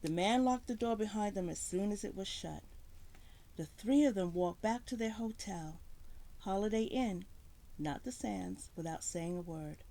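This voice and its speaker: A woman's voice: medium pitch, measured pace, gravelly. A woman reading a story aloud, narrating expressively. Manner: expressive narration with voiced characters.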